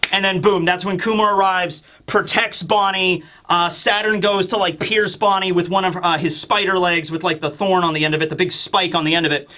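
An excitable male reviewer in casual commentary, close on the mic. His voice sits high and bright. He keeps slipping into short acted-out character lines. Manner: excitable, acting out character lines in quick bursts. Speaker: YouTube chapter reviewer.

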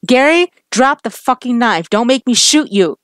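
A woman's voice: on the low side, normal speed, no room sound, clean studio sound, natural voice. A woman doing a tough male detective. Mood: urgent commanding. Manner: urgent, commanding.

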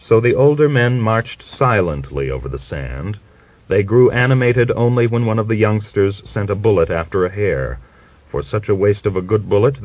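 A man reading a novel as an audiobook narrator, in a measured, solemn manner. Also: fairly low pitch, no echo. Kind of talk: scripted literary narration. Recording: dull lo-fi old recording.

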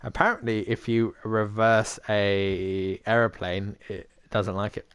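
A man's voice: lowish voice, steady tone, measured pace, clean tone. A young man chatting casually while gaming, swearing and teasing his friends. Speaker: gamer.

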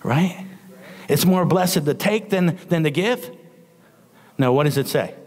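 A man preaching in a church sanctuary. He leads his congregation in call-and-response, peppering his talk with amens and hallelujahs, and reads scripture aloud, tripping over a word now and then. His fairly high voice rings out with a long hall echo. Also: expressive, a little slow, darkish tone. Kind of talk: sermon.

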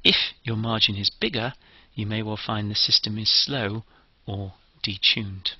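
Methodical man lecturing, low husky voice. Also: unhurried, sharp tone, dry recording, dull audio. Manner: methodical, step-by-step explanation. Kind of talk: recorded engineering lecture.

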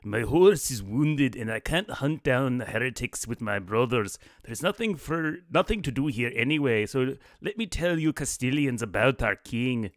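A man's voice: mid-range voice, animated, normal speed, hardly any pauses, no echo, clean studio sound, close to an everyday voice. A man voicing a wine-drinking Scottish man retelling history in an exaggerated, unconvincing Scottish accent. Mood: storytelling. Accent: put-on Scottish.

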